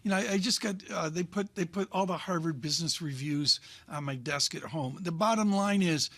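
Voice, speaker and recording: A man's voice: a little high, a little fast, few pauses, a bit bright, no room sound. A man co-anchoring a financial news show in a studio, talking in a rambling, wry way full of jokey asides. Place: broadcast studio.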